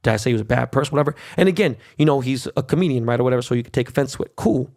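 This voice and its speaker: A man's voice: medium pitch, very fast, creaky, a little mellow. A middle-aged man hosting his own podcast, ranting brashly and cursing a lot. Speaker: podcast host. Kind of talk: solo podcast rant.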